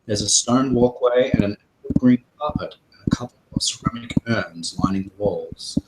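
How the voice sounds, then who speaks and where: A man's voice: mid-range voice, moderate pace, very noisy. A man running a tabletop game as game master, describing scenes loosely with many fillers.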